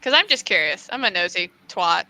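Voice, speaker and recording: A woman co-hosting a writing livestream in casual chat, playful and quick to tease. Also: lowish voice, sing-song, pushed and bright, rough recording.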